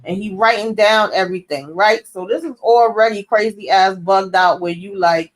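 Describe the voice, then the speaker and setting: A woman's voice: mid-range voice, normal speed, few pauses. Slangy, profane woman recapping a TV show. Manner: animated, slangy and profane, acts out characters' lines. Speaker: TV series recap host. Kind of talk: casual TV episode recap.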